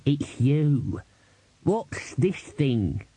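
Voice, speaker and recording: Male reader playing a crabby old servant, grumbles, higher and slower, husky edge, audiobook. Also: big pitch swings, mellow, no echo, full character voice. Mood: grumpy. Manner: grumbling, blustering, working-class speech. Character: grumpy old male manservant, cantankerous. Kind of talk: audiobook character voice.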